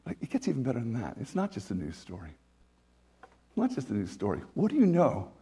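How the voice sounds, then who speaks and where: A man preaching a sermon in an animated, emphatic way, full of restarts, repetition and joking asides. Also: medium pitch, brisk, slightly rough. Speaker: pastor.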